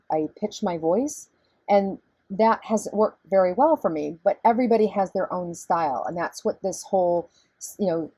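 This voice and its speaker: A recorded lecture comes from a middle-aged woman professor whose low, husky voice sounds mellow with no echo. She keeps things conversational and walks through each point step by step.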